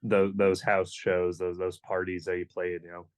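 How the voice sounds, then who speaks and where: Man, band member, low voice, rambling, many "you know"s, joking, casual podcast chat. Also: completely flat delivery, normal speed, clear, resonant tone.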